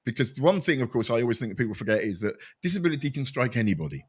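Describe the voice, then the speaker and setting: A man's voice: medium pitch, sing-song, very fast, slightly rough. A man co-hosting a casual online chat show over a video call, talking in a rambling, self-deprecating way. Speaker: co-host.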